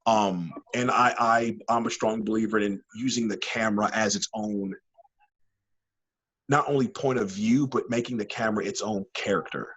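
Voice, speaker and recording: Male interview guest with a husky low voice; chatty, animated, restarts his sentences. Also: moderate pace, dull audio. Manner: animated storyteller, rambling with many fillers and restarts. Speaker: professional wrestler interview guest. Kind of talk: casual interview chat.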